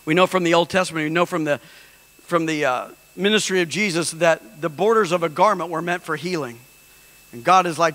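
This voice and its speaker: A man preaching a sermon as pastor, emphatic and rising at times to shouts. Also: a little high, fairly quick. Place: church hall. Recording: long reverb of a large hall.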